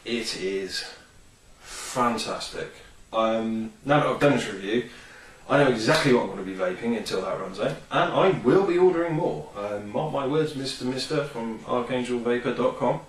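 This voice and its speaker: A man's voice: mid-range voice, moderate pace. A man reviewing a product in a casual, rambling vlog, full of ums and enthusiasm. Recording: roomy, distant from the mic.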